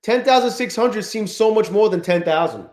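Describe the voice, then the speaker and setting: Male streamer, forties, slightly high voice, casual and profane, chats with viewers. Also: moderate pace, a little mellow. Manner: profane, restless, talks to chat. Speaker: trading livestream host. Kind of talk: casual live-stream chat.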